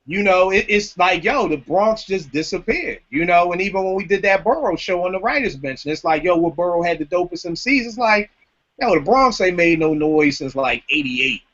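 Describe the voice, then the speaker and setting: A man hosting a casual podcast chat, talking with animated, slangy emphasis. His voice sits fairly high for a man. The recording sounds dull and lo-fi. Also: moderate pace. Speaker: podcast host.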